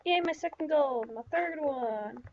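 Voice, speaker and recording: A woman's voice: sits high, unhurried, dull audio, a little hiss or hum. A woman giving chatty, rambling let's-play commentary, talking to herself with lots of fillers. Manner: rambling, chatty self-talk with many fillers. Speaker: gaming channel host.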